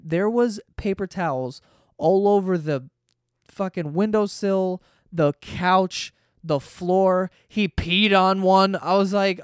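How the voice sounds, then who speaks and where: A man's voice: high voice, clear, resonant tone, dry recording, clean studio sound. A man hosting a podcast, telling a rambling, profane story in a casual monologue. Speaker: podcast host.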